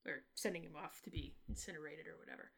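A woman co-hosting a casual movie review podcast, talking in a lively, joking way and swearing freely. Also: sits low, vocal fry, breathy edge. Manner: profane, lively, quick to joke. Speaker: podcast co-host.

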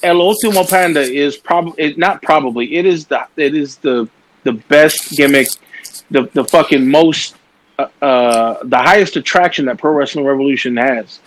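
A man in a casual podcast chat, halting and repeating words as he speaks. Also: fairly high pitch, a bit bright, low-quality recording.

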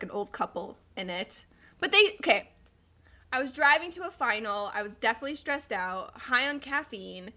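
Bright and a bit high-pitched, this twentysomething woman is a guest telling stories in a casual conversation. She's animated and lively, laughing between lines and acting out the quotes she relays.

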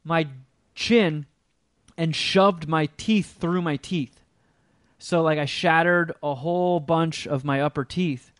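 Casting: male podcast host, slightly high voice, dry close sound, loose rambling storyteller who swears freely. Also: steady tone, slow pace, dry recording. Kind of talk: casual chat.

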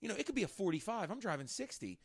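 A man's voice: high voice, racing, gravelly, slightly rough, dry recording. A man co-hosting a podcast in casual chat, talking with lots of fillers and easy swearing. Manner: animated, swears freely, many fillers. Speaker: podcast co-host.

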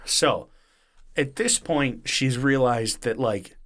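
A man's voice: medium pitch, takes it slowly. A man hosting a podcast, casually retelling a story with swearing and acted-out quotes. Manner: animated retelling, swearing, acting out quotes in varied voices. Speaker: podcast host.

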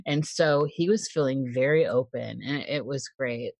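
Male radio host: casual, agreeable, mid-pitched, dry close mic. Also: creaky, no echo. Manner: agreeable, quick to laugh along.

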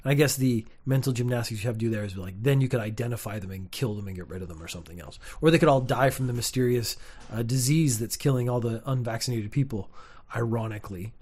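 A young man, rambling through a casual comedic monologue with wry, deadpan asides. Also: mid-range voice, fast, husky. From Canada.

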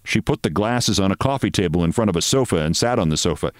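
A man hosting a show, reading a story aloud in a measured, expressive way. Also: deep voice, no echo, studio quality. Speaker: host.

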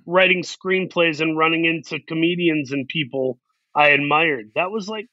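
A man's voice: a little high, moderate pace, sharp tone, no room sound, lo-fi sound. A man, an actor guest, telling long self-deprecating stories in a casual interview. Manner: rambling, self-deprecating anecdotes.

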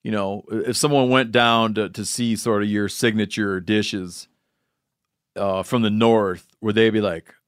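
Low-voiced man asking halting questions. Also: fairly even intonation, clear, resonant tone, no room sound, clean studio sound. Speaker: podcast host. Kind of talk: casual conversation.

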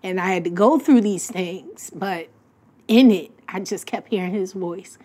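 A middle-aged woman, a guest sharing an emotional, lively personal story on a talk show and quoting the people in it. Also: medium pitch, unhurried. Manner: emotional, lively storytelling with voiced quotes of her late husband. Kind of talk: casual heartfelt talk show conversation.

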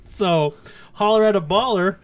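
A man's voice: sits high, a little slow, slight background noise. Brash, profane man telling stories. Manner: brash, profane, animated storyteller. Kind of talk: casual storytelling chat.

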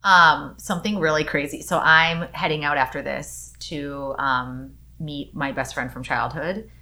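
A woman in her thirties hosting a casual chat, telling stories in a chatty, animated way. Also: low voice, unhurried. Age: 30s. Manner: chatty, animated storytelling with fillers.

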